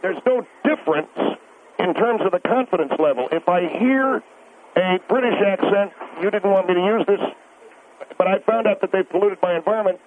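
The caller's voice is high-pitched and his pace moderate as he delivers a rambling, insistent rant on a radio phone-in. He stumbles and repeats himself, heard over a tinny line with a faint hiss.

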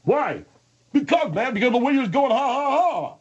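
A man's voice: extremely high pitch, big pitch swings, fairly quick, husky, dull audio, pitched above the performer's own voice, full character voice. A man voicing a dim-witted, defensive man who stammers and plays dumb. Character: dim-witted bickering man called Bud.

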